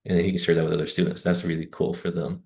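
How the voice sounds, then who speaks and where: Deep gravelly Southern American man. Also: little pitch movement, fast, darkish tone. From Southern United States. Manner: casual, chatty with wry asides. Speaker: teacher trainer. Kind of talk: lecture over slides.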